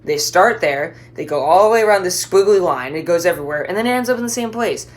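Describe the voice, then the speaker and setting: A woman's voice: fairly low pitch, lively intonation, fast talker. A woman giving a class presentation as a student, explaining with playful analogies and talking straight to the listener.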